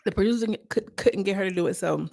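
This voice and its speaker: A woman's voice: mid-range voice, fast talker, creaky, a little mellow, no echo, studio quality. A woman hosting a casual recap vlog, reviewing a reality TV episode with chatty, sassy asides.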